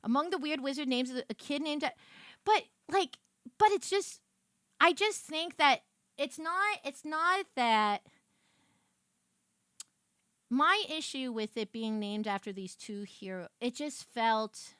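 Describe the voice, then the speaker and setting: Lively high-voiced woman streamer ranting. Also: slow pace, long pauses, dry recording, studio quality. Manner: animated, swearing, ranting. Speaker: VTuber streamer. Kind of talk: casual live-stream chat.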